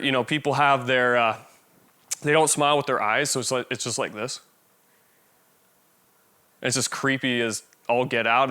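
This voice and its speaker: A man giving a casual, animated lecture on body language and presenting, talking conversationally and demonstrating different energy levels. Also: a little high.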